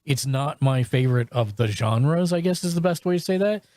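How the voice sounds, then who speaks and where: A man hosting a casual podcast, talking at an ordinary middle pitch. He stumbles through restarts and fillers as he reviews shows. His voice is recorded close and dry, with no room sound. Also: lively intonation, dark tone, no room sound. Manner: halting, full of restarts and fillers. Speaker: podcast host.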